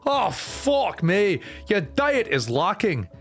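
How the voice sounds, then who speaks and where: A tiny, fluffy male dog professor who barks commands in a shrill, high, yappy voice with a Scottish accent. His pitch leaps all over the place as he yells insults and woofs at the class in a game voiceover. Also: big pitch swings, slow, soft background music, exaggerated voice. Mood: bossy yapping. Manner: barking, shouting, crude tough-love teacher. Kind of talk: voice-acting a visual novel playthrough.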